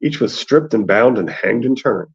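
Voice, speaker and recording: A man with a gravelly, raspy voice who reads passages aloud and then chats about them. His pitch is average, and the sound is dull and lo-fi. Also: expressive, normal speed. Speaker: podcast host reading aloud. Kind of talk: casual book discussion and reading aloud.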